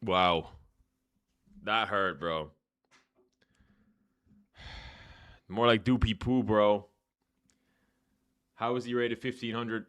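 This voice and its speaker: A man's voice: fairly low pitch, steady tone, drawn-out words, pauses often, a bit bright, no echo, studio quality. A young man live-streaming chess, ranting profanely at his chat and telling a story in between.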